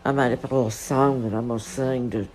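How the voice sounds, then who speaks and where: A man's voice: mid-range voice, steady tone, fast talker, heavy background noise. A man telling campy, chatty stories to camera from home, swearing freely. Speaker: vlogger in lockdown. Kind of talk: casual storytelling to camera. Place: at home during lockdown.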